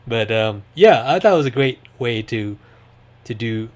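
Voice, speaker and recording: A man with a medium-pitched voice talks through his thoughts in a loose, rambling way, full of fillers. He sounds upbeat as he chats casually on a podcast. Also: animated, normal speed, a little mellow. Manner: rambling, lots of fillers, enthusiastic. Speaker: podcast host. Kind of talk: casual chat.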